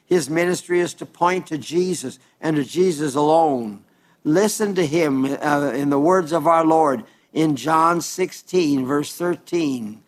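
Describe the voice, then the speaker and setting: Earnest preacher, a man with a fairly high voice. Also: unhurried. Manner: earnest, emphatic, reads scripture aloud. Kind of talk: sermon.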